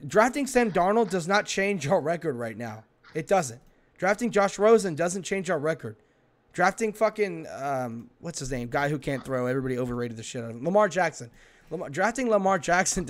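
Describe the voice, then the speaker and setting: A man's voice: a little high, animated, moderate pace. A man hosting a sports podcast, ranting in a fired-up way, swearing and firing off rhetorical questions. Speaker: podcast host. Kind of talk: heated sports podcast talk.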